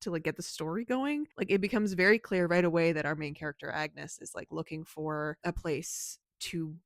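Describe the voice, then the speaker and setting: A woman chatting casually about books in a home vlog, talkative and quick to laugh. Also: sits low, no echo. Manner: chatty, laughs often, frequent "like". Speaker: book vlogger. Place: home, on the couch.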